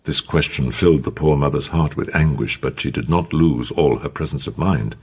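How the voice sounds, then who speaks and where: A man narrating an audiobook in an expressive, dramatic way. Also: rumbling low, normal speed, husky.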